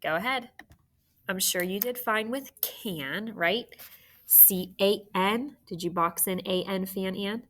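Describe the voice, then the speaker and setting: A woman teacher giving a phonics spelling lesson, dictating words and slowly spelling out letters for young students. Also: mid-range voice, fairly bright tone.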